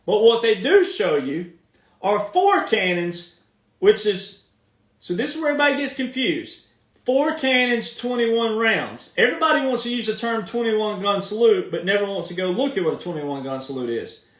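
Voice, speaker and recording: A commentator talks at a moderate pace in a high, animated, somewhat bright voice, his Southern accent stretching words as he repeats and stresses his points. The casual monologue is recorded off the mic in an echoey room.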